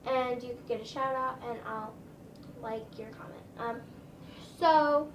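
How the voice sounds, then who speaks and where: A woman's voice: a little high, measured pace, roomy sound, recorded from a distance, a little hiss or hum, poor audio. A woman vlogger telling a casual storytime, rambling, with lots of "like" and "um". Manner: chatty, rambling, full of "like" and "um".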